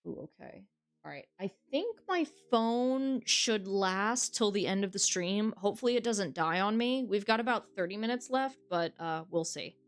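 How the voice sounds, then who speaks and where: A woman's voice: medium pitch, lively intonation, normal speed. Chatty woman game streamer. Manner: casual, chatty, frank, swears freely, many restarts. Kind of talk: reading a dating game aloud and chatting with viewers.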